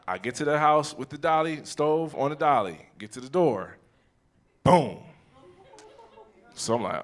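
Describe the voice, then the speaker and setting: A man doing stand-up comedy on stage, telling a long personal story with quick asides and acting out both sides of an argument. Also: a little high, animated. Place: stage before a live audience. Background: audience laughter.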